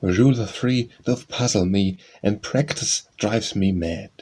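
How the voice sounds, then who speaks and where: A man's voice: fairly low pitch, a little slow, darkish tone, husky. A man reading nursery rhymes aloud as an audiobook, in a sing-song, rhythmic recitation. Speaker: audiobook reader.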